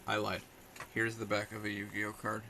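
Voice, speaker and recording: A man's voice: on the low side, monotone, normal speed, sharp tone, slight background noise. A young man rambling sarcastically on a casual live stream while he talks back to his chat.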